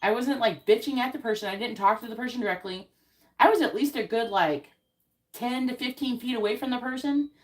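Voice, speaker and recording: A woman's voice: fairly high pitch, fairly quick. Indignant woman ranting casually. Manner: indignant, swears freely, many fillers. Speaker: tarot card reader host. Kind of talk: casual storytelling rant.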